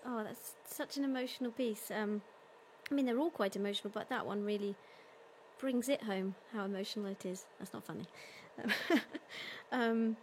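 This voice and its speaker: A woman speaking a little higher than most, hosting a casual livestream. She chats in a friendly way, reads out viewer comments and retells a story with lots of ums and restarts. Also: darkish tone, a little hiss or hum. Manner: chatty and friendly, with frequent ums and self-corrections.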